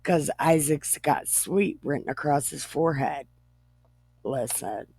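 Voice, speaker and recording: A woman's voice: creaky, husky, no echo. A woman casually retelling a Bible story for laughs, reading verses and adding blunt, profane commentary. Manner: animated and profane, reads verses then adds blunt commentary; slow, unhurried delivery with wide swings in pitch. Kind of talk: casual comedic retelling of scripture.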